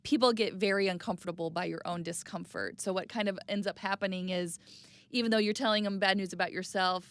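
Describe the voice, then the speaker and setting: A woman in her thirties speaking candidly and reflectively as an interview guest, sometimes dropping to a soft, quiet voice. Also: fairly even intonation, fast. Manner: reflective, plainspoken, drops to a soft low voice on hard news.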